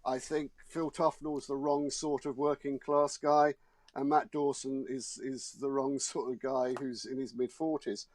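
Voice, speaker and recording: A man's voice: medium pitch, little pitch movement, unhurried, darkish tone, dry recording. A man, a showbiz journalist guest, arguing his point emphatically and indignantly in a studio discussion. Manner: emphatic, indignant, repeats words.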